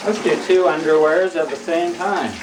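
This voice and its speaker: This casual how-to vlog has a man hand-washing laundry in a bathtub, rambling, preaching, and often restarting. His slightly high voice keeps a fairly even intonation at a moderate pace. The distant recording picks up bathroom echo, running water, and background noise.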